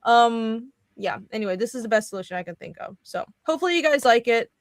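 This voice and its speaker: A woman's voice: fairly high pitch, lively intonation, fast talker, no echo. A woman co-hosting a comics livestream, chatting casually in a rambling way that trails off and restarts. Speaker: co-host and comic artist.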